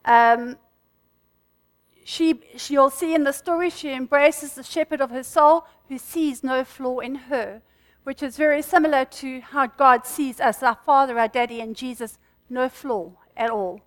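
Her voice high-pitched, a woman preaches quickly and informally to a church group, bantering with them and breaking into laughter between points.

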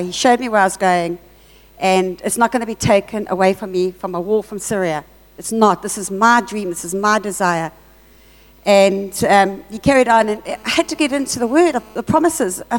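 Earnest woman in reverberant hall. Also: medium pitch. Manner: earnest, animated storytelling with reported dialogue. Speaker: church speaker sharing a testimony. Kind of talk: testimony talk at a church.

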